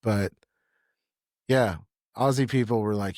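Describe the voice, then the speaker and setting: Podcast guest: young man, blunt, rambling, mid-pitched voice, dry close mic. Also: lively intonation, moderate pace, no echo. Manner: blunt, rambling, swears freely. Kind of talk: casual chat.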